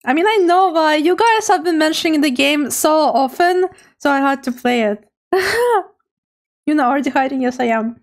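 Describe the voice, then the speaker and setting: A high-voiced woman chats casually with her live-stream viewers, bubbly and quick to giggle. She sounds nervously excited as she talks into her streaming microphone.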